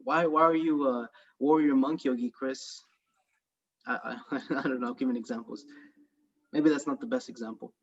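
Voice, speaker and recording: A man's voice: mid-range voice, fairly even intonation, moderate pace, husky. Distant muffled Southern Californian man. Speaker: guest on a video call. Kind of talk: casual chat. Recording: distant, muffled video-call audio.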